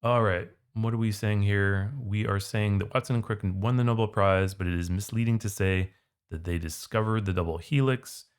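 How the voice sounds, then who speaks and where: A man's voice: fairly low pitch, moderate pace, clear, resonant tone. A man tutoring for the SAT, walking through test questions in a casual, conversational way. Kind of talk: test prep walkthrough.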